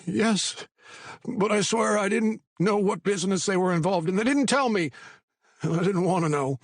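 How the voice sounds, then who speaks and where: A man voicing a frightened male money launderer who stammers in a high, shaky voice. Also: normal speed, no echo.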